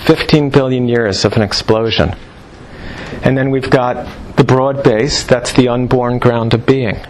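A man giving a live lecture to practitioners, animated and jokey, firing rhetorical questions at the room. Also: medium pitch, unhurried, slight background noise, rough recording. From New York. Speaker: lecturer on Chinese medicine.

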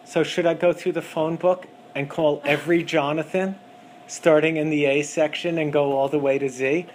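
A man teaching a class on acupuncture diagnosis, talking in an animated way and mimicking callers' voices to make his points. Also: on the high side, moderate pace, slight background noise. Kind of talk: lecture with acted examples.

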